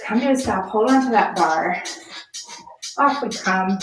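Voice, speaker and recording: A woman's voice: mid-range voice, animated, a little slow, far from the mic. A woman fitness instructor leading a home workout, upbeat and encouraging, counting reps while slightly out of breath. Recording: echoey room, voice from off-mic. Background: background music.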